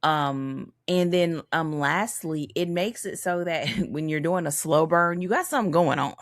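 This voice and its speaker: A woman co-hosting a book podcast in relaxed, animated chat, dropping slangy asides. Her voice sits very low with a gravelly fry. The sound is dry and close, with no room echo. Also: unhurried. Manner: animated, slangy, laughs often. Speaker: podcast co-host. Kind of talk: casual book discussion.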